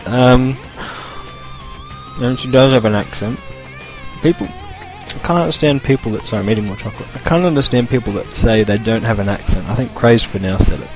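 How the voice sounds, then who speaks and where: A man's voice: medium pitch, brisk, a little mellow, faint music behind. A young Australian man hosting a casual solo podcast, rambling loosely and chuckling as he talks. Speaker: podcast host.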